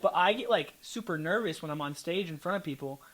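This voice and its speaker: Fast and chatty, this young American man talks in a quick, relaxed interview voice. He tells stories with bounce, slipping into the voices of people he quotes. He sounds like a casual guest in a conversation. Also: a little high. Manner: animated storytelling, acts out quoted people. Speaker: content creator guest.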